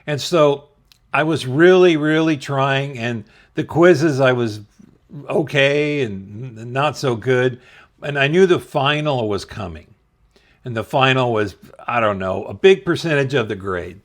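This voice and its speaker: A middle-aged man casually telling a funny school story to his viewers, laughing at himself along the way. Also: medium pitch. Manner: slow, laughing, self-deprecating. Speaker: channel host telling a story.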